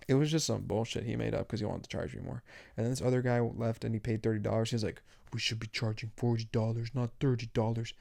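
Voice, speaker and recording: A man's voice: medium pitch, fast talker, gravelly, dark tone. A young man hosting his own podcast, rambling casually with lots of cursing and slang. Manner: rambling, profane, lots of "like" and "dude". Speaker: podcast host. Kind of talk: casual solo podcast rant.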